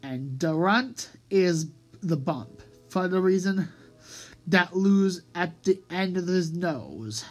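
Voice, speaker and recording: A woman reading the part of a big male rat gang leader who speaks quietly and menacingly, with music playing behind. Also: fairly low pitch, expressive, slow, rough recording. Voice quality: snarling, hissing. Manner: quiet and threatening.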